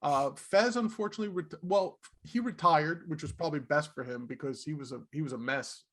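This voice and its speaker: Man, middle-aged, podcast co-host, high voice, animated storyteller, laughs a lot. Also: brisk. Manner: animated, laughing, acts out quotes. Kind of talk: casual storytelling chat.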